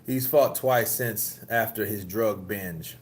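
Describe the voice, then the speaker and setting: A man's voice: lowish voice, slow pace. A man hosting a casual live-stream about boxing news, swearing, laughing and reading the chat. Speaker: host.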